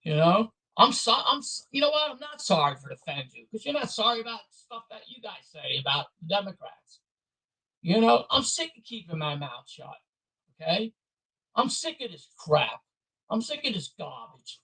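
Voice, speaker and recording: A man's voice: sits high, big pitch swings, moderate pace, creaky, bright, forceful tone, breathy edge, poor audio. A man ranting angrily on his own video, blunt and repetitive. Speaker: vlogger. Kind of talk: angry political rant to camera.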